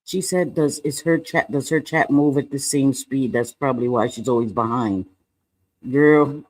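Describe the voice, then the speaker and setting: A man's voice: medium pitch, unhurried, a little mellow. A middle-aged man hosting a casual livestream chat, chatty and playful, laughing often and swearing lightly. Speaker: livestream co-host.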